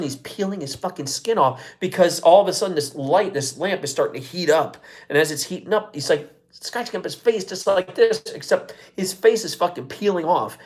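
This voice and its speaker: An American man hosting a live show, talking casually and excitedly, with heavy swearing and many fillers. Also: sits high. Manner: excitable, profane, lots of fillers. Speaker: podcast host. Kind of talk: casual live-stream chat.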